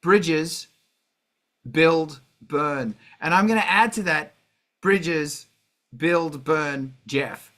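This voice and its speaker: A middle-aged man hosts a casual livestream, talking slowly and swearing through a loose rant. His voice sits a little high, with a bright, forceful edge. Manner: profane, ranting, heavy swearing. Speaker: host of a music livestream.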